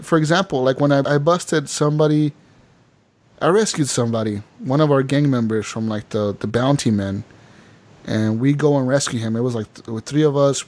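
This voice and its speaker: A man hosting a casual gaming podcast, telling animated stories and laughing often. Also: medium pitch. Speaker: podcast host. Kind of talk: casual chat.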